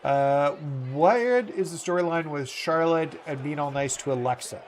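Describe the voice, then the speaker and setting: Here a man with a fairly high pitch talks at normal speed as he streams a video game. His casual chat with viewers is earnest and heartfelt, rambling along with plenty of fillers and self-corrections.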